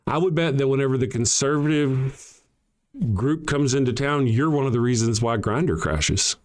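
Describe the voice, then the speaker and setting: A man's voice: medium pitch, moderate pace. A man hosting a livestream, ranting back at commenters in a profane, sarcastic, confrontational way, often restarting his sentences. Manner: frequent restarts and trailing sentences. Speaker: livestream show host. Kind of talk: heated livestream commentary reading chat.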